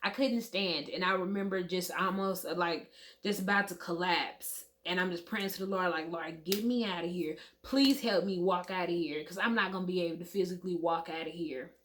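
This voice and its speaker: A woman, telling a heartfelt storytime straight to her viewers. Her voice sits on the low side, and she keeps it candid and conversational, calling them y'all and swearing without a second thought. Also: a bit bright. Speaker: vlogger. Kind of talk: emotional storytime to camera.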